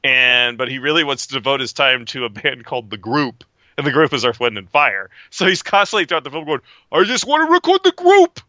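Man, opinionated casual film talk, sharp forceful tone, lo-fi dull recording. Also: mid-range voice, a little fast, no echo. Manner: rambling, opinionated, does shouted impressions. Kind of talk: casual chat about films. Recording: dry, dull lo-fi sound.

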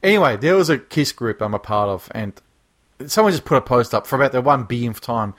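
A man's voice: medium pitch, lively intonation, a little fast, a bit bright. Swearing, ranting man in casual chat. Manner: swears a lot, ranting and sarcastic. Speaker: podcast co-host.

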